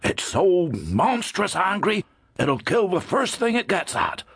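An actor playing a wise, protective old man who speaks in an old-fashioned rustic dialect, measured and grave. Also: high voice, huge pitch swings, husky, dry recording, clean studio sound, heavily acted. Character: wise old male gyptian elder, protective.

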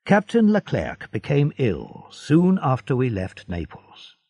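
Earnest, anxious young sailor with a husky, lively voice, read by a male narrator. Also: medium pitch, takes it slowly, dry recording, full character voice. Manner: earnest, pleading.

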